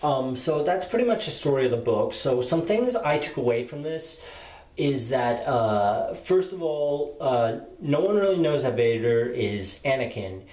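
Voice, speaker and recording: A man's voice: medium pitch, big pitch swings, unhurried, darkish tone. Male book reviewer, mid-range voice, loose rambling delivery, room echo on the mic. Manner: rambling, filler-heavy plot retelling. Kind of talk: casual spoken book review. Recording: roomy echo.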